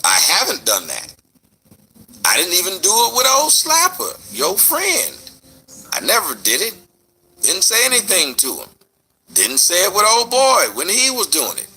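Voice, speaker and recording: Host man with a husky, bright edge; rhetorical, lively rebuttal rant. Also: high-pitched, a little slow. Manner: animated, rhetorical, mocking retorts. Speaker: online show host. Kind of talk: commentary vlog rant.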